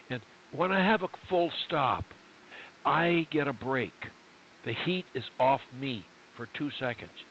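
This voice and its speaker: A man's voice: medium pitch, lively intonation, measured pace, fairly bright tone. A man coaching a student one-on-one, speaking emphatically in short punchy units and repeating his key phrases. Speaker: speech coach. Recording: dull lo-fi with faint hiss.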